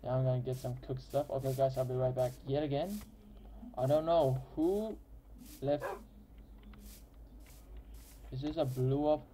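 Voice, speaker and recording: A man's voice: mid-range voice, steady tone, measured pace, long pauses, warm tone, a little hiss or hum, rough recording. A man giving casual, rambling game commentary as host, often correcting himself mid-sentence. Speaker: gameplay host.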